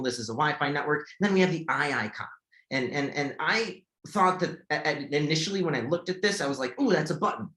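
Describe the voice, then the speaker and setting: Halting man explaining an app screen. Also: on the high side, fairly bright tone. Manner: halting, repeats words and restarts often. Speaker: accessibility tester and presenter. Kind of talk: screen-share tutorial walkthrough. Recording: echoey room.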